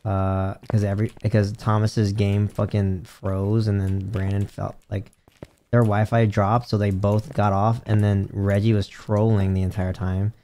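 A young man streaming a ghost-hunting game, chatting casually, excitable and swearing often. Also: on the low side, measured pace. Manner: excitable, swears a lot, jumpy. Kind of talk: casual gaming stream chat.

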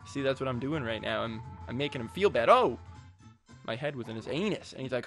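A man's voice: mid-range voice, fast talker, a bit bright, faint music behind. A man giving casual, jokey gameplay commentary as a let's play host, rambling with crude asides.

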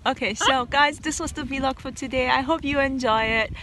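A woman's voice: high-pitched, normal speed, bright, forceful tone, slight background noise. A woman vlogging outdoors in a park, chatting playfully with her pet parrot in baby talk and talking to her viewers.

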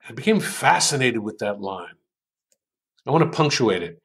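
A man's voice: lowish voice, expressive, normal speed. An older American man, an author and writing coach, talking through examples in a conversational interview, thoughtful and hesitant with frequent ums, lingering over quoted lines.

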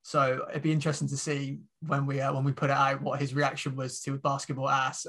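A man's voice: mid-range voice, completely flat delivery, brisk, few pauses, fairly bright tone. A British man hosting a podcast, friendly and a little hesitant, often restarting his sentences. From United Kingdom. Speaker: podcast host. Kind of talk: casual podcast chat.

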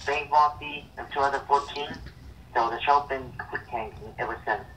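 A young man co-hosting a casual chat, speaking haltingly with repeated words and blunt opinions. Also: medium pitch, steady tone, distant mic, background noise. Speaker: co-host.

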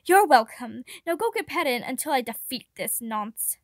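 A woman reading aloud and voicing a gentle, protective young prince who speaks reassuringly. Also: high voice, sing-song, normal speed, no room sound, studio quality, heavily acted.

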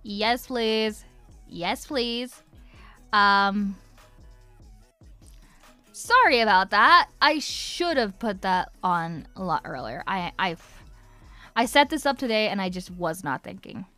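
With faint music in the background, an Irish voice actress casually chats, giggles and muses aloud while signing autographs on a home livestream. She is expressive and forceful, medium-pitched and bright, speaking slowly with frequent pauses and no echo.

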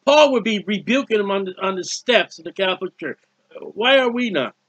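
A man's voice: high voice, expressive, brisk, fairly bright tone, slightly rough, dry recording. A man preaching a fervent sermon, with many restarts and repeated words. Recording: dull lo-fi recording.

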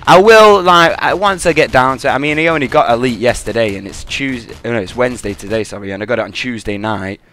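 Excitable young man, bright boastful commentary. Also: medium pitch, quick pace, few pauses, a little hiss or hum. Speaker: gaming commentator. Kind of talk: off-the-cuff gameplay commentary.

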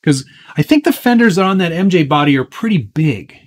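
A man's voice: on the high side, normal speed. Casual man hosting a live Q&A. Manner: relaxed and chatty, answering viewer questions, with frequent fillers. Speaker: host of a live Q&A stream. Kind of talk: casual live-stream chat.

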